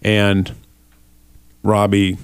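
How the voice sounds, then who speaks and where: A man hosting a casual faith podcast, talking in a relaxed, rambling, self-deprecating way. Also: fairly low pitch, extremely slow, clear, resonant tone, dry recording. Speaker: podcast host.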